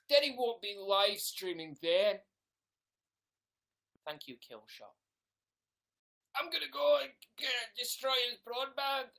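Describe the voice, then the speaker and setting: Man doing a loud, raised-pitch manic Scottish guy. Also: slow pace, vocal fry, long pauses, heavily acted. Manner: loud, laughing, excited.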